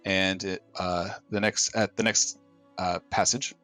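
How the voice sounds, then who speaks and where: A man running a tabletop game as game master, talking in a halting way with many restarts. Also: sits low, fairly even intonation, bright, forceful tone, no echo, soft background music. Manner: halting, full of fillers and restarts.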